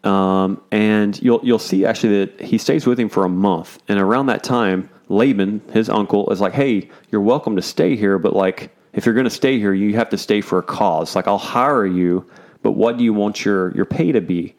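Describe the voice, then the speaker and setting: Casual man, lowish voice, relaxed slangy Bible teacher who jokes as he reads. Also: normal speed. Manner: laid-back, slangy, joking paraphrases.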